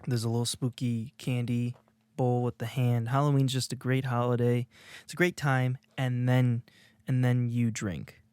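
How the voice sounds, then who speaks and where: His mid-range voice is clear, resonant, and a little mellow, with little pitch movement and a moderate pace. An Illinois co-host on a casual podcast, he wanders through his thoughts with lots of fillers and restarts, recorded on a video podcast studio mic with no room sound.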